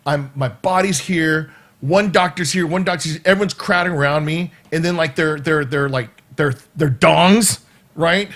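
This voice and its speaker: A man telling a personal story in a casual vlog, acting out the voices of the people in it and making sound effects. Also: high-pitched. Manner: animated, acts out quoted voices and sound effects. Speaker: vlogger.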